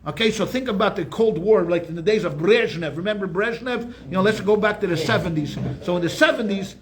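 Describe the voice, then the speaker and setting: Male rabbi with a high-pitched voice, chatty and joking as he teaches a class. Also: brisk, a little hiss or hum. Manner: chatty storyteller, keeps asking "okay?"; frequent restarts and repeated words. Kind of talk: weekly Torah class with jokes.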